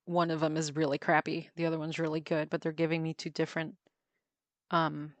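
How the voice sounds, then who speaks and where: A woman's voice: low-pitched, monotone, a little fast, no echo. A woman streaming herself drawing, talking casually to herself and correcting her own mistakes as she works. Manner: muttering to herself while working, self-correcting.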